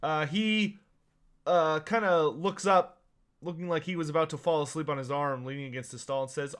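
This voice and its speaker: A man's voice: a little high, fairly even intonation, moderate pace, fairly bright tone, clear, resonant tone. A man running a tabletop game as game master, narrating with lots of hesitation and fillers.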